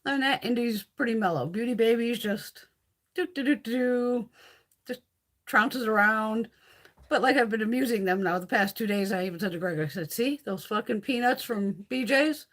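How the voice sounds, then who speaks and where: A woman's voice: fairly high pitch, moderate pace. A woman hosting a casual livestream, chatting with viewers in a loose, profane way. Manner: chatty, profane, reads and answers viewer comments. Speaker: livestream host.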